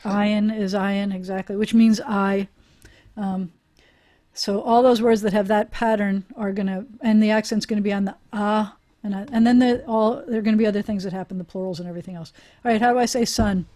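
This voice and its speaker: A woman's voice: mid-range voice, fairly even intonation, a little fast, dark tone. A woman rabbi teaching a Hebrew class over a video call, chatty and encouraging, often laughing with her students.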